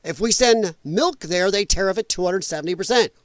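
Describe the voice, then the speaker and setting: Profane high-voiced man ranting. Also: expressive, a little fast, dry recording. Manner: profane, combative, sarcastic ranting; mocks opponents in put-on whiny voices. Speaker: political commentary streamer. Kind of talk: casual ranting commentary.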